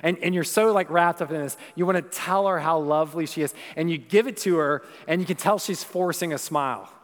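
A young man preaches a sermon in a church sanctuary, his voice sitting a touch high for a man. He moves from easy conversational talk into a rhythmic, emphatic recitation, and a long reverb hangs on every phrase. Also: fairly quick. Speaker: pastor. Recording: long reverb of a large hall.

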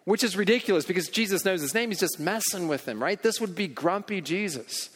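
A man's voice: high-pitched, lively intonation, a little fast, a bit bright, breathy edge. A man preaching a sermon as pastor, earnest and emphatic, often repeating words as he goes. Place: church hall. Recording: long reverb in a large hall.

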